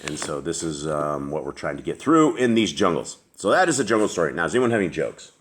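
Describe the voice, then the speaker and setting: Man, very low voice, host of a casual chat, rambling, lots of fillers. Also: very animated, quick pace. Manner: rambling, with many fillers and restarts.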